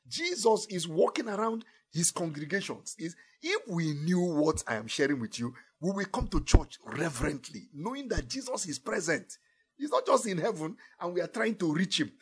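A man preaching a sermon, emphatic, dropping to low murmurs and rising to raised declarations, stretching key phrases slowly. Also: slightly rough.

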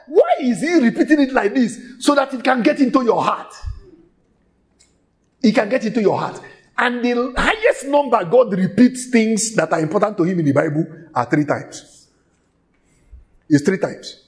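Emphatic high-voiced male preacher. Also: animated. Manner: emphatic, repeats phrases for stress, drawn-out delivery. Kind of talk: sermon.

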